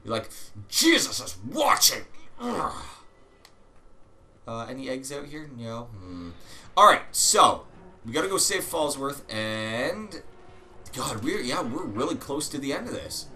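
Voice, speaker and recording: A man hosting a let's play, chatting casually over gameplay with sudden excited outbursts and swearing. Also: medium pitch, measured pace.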